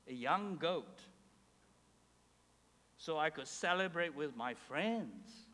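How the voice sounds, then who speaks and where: High-voiced man preaching in a reverberant hall. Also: expressive, takes it slowly, long pauses, pushed and bright. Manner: emphatic storytelling, voicing quoted characters. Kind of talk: sermon. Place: church hall. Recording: reverberant hall, faint ambience.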